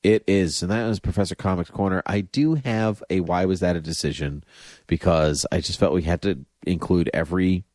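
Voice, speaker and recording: A man's voice: sits low, moderate pace, darkish tone, dry recording, clean studio sound. A man co-hosting a podcast in casual chat, chatty and joking, with mock-outraged asides. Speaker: podcast co-host.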